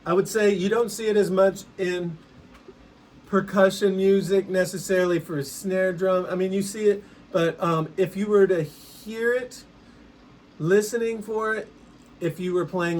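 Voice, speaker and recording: A man teaching percussion in a relaxed, conversational way, now and then singing rhythms aloud. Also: sits high, normal speed, a little hiss or hum. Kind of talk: casual instructional explanation.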